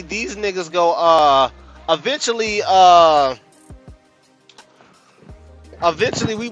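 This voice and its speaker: High, lively, bright-voiced man telling a story. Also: dull audio. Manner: animated storytelling, profane, loud outbursts. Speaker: podcast host. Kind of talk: casual chat.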